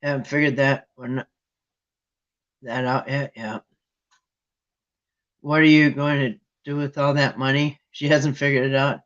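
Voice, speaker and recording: A man hosting a Bible trivia game with viewers, chatting casually and thinking aloud with restarts and sudden excited jumps. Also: medium pitch, a little slow, pauses often. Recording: dull lo-fi sound.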